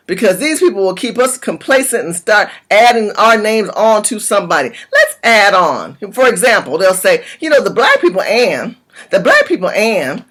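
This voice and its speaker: A woman from California ranting to camera in a vlog, her voice swooping between high and low. She is impassioned and blunt and swears freely. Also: a bit bright. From California, USA. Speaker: political vlogger. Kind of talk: direct-to-camera political rant.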